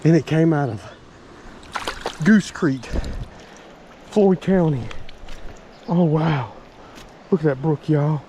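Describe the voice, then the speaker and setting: Excitable man by a creek. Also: fairly high pitch, slow pace, long pauses. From Virginia. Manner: excitable, exclaiming, talks to viewers as y'all. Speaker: fishing vlogger. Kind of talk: excited outdoor vlog narration. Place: outdoors by a creek. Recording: faint stream and outdoor noise.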